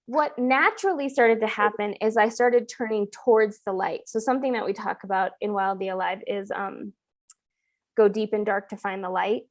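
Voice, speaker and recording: A woman's voice: mid-range voice, normal speed. Earnest woman podcast host coaching. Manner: earnest, coaching tone with many restarts and fillers. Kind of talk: casual podcast conversation.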